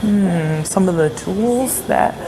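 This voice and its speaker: Touring a historic house outdoors and in the tourist building, a young woman narrates a casual travel vlog for her viewers. She speaks slowly in a lowish voice, chattily, with many "like" fillers and unsure asides, over a noisy background.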